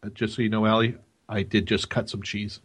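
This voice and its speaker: A man's voice: on the low side, level tone, fairly quick, breathy edge. A man co-hosting a gaming podcast, teasing his co-host in casual banter with chuckles.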